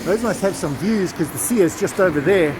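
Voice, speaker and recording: A travel vlogger recounts a folk tale while walking through town, chatting and digressing as he goes. His high voice has lively intonation and a fairly quick pace, and the outdoor street recording picks up passing cars.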